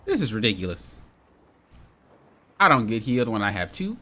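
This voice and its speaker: A young man streaming a hero shooter commentates live in a lowish, bright, forceful voice, very animated at a normal speed. Playfully exasperated, he trash-talks and grumbles at his teammates.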